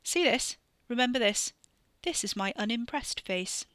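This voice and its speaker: A cheeky, swaggering young man teases his friends in bright, raised tones, voiced by a woman reading a story. The sound is close and dry. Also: on the high side, expressive, measured pace, dry recording, pitched above the performer's own voice. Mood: teasing. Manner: cheeky, mocking banter. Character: cocky teasing young man.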